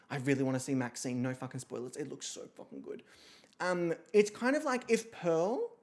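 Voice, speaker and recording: A woman streamer talks casually to her chat, rambling from one thought to the next. Her pitch swings up and down in a lively way, and she swears freely between asides. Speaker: streamer and host.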